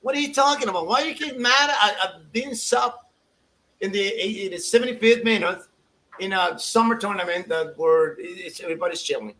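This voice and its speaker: A man co-hosting a soccer show in a casual, animated chat, laughing often and restarting his sentences. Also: sits high, moderate pace, slight background noise, low-quality recording.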